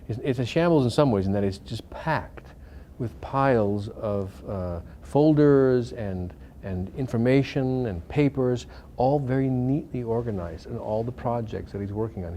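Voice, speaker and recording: A man's voice: medium pitch, mellow, slight background noise. A middle-aged man, an actor talking casually and reflectively in an interview, with many fillers and restarts. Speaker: actor interviewed about a film.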